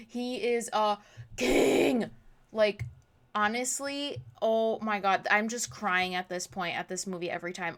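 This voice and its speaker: A woman's voice: on the high side, unhurried, bright, forceful tone. A young woman in her twenties narrating her crafting vlog in a casual voice-over, bubbly and gushing, laughing at herself. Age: 20s. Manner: bubbly, gushing, self-deprecating, says "literally" and "oh my god" a lot. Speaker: crafting vlogger.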